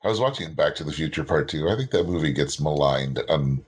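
A man's voice: very deep voice, animated, fairly quick, breathy edge. A man co-hosting a casual movie podcast, making wry quips about what is on screen. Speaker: podcast co-host. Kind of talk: casual movie-review chat.

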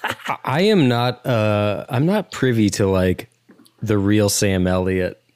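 A man's voice: on the low side, takes it slowly, a little mellow, clean tone, no echo, clean studio sound. A man co-hosting a podcast, chatting in a wry, rambling way. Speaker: podcast co-host. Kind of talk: casual chat.

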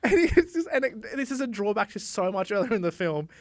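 A woman's voice: mid-range voice, sing-song, fast talker, no echo, clean studio sound. A woman chatting casually, retelling a film scene by scene and laughing often as she acts out quotes.

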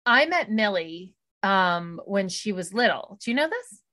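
A middle-aged woman co-hosting a podcast, chatting casually and telling animated stories with bursts of laughter. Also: medium pitch, unhurried. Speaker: podcast co-host. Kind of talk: casual chat.

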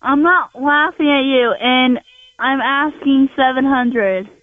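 Slow-talking woman on a tinny phone line. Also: sits high, far from the mic, soft background music. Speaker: dog seller on the phone.

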